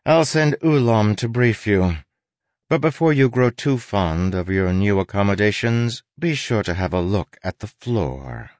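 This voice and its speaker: A man's voice: on the low side, expressive, a little slow, no echo. A man voicing a smug, teasing female sea captain in an audiobook. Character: brash young woman sea captain, smug.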